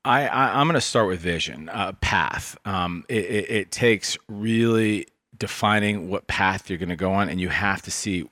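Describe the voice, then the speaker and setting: A man being interviewed as a guest, recounting his career in a thoughtful, soft-spoken, reflective way. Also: sits low, moderate pace, hardly any pauses, no room sound. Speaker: interview guest, investment fund co-founder. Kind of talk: reflective personal storytelling.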